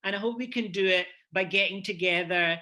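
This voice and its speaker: A man's voice: sits high, a little fast, pushed and bright. A man with a Glasgow Scottish accent speaking earnestly on a conference panel, with many restarts. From Scotland. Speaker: panelist, head of university department.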